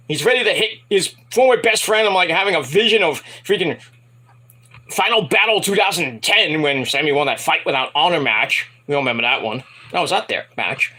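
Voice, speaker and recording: A man casually reviewing a wrestling event in a rambling, animated retelling with asides. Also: on the high side, normal speed, husky.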